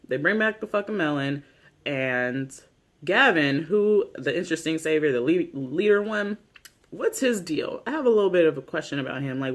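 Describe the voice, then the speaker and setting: Man, casual TV recap vlogger. Rambling and slangy with lots of cursing, a touch higher-pitched than most. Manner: rambling, heavy use of "like" and "you know"; swears freely, slangy. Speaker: YouTube show recapper.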